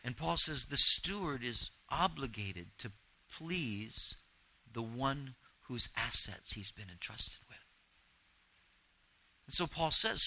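A male pastor preaching with a very bright, forceful voice. He reads scripture slowly and deliberately, then pleads earnestly, climbing into emphatic, pointed bursts. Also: medium pitch, rough recording. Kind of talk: expository sermon.

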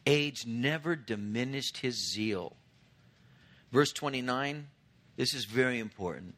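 A man's voice: medium pitch, slow, fairly bright tone. A man in his fifties preaching a sermon, retelling scripture in an earnest, conversational way. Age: 50s. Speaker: pastor.

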